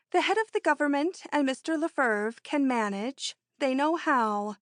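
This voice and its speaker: A woman's voice: a bit bright, dry recording, clean studio sound. Woman voicing an eager bold young heiress. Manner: eager, emphatic, high-strung. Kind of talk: audiobook character reading.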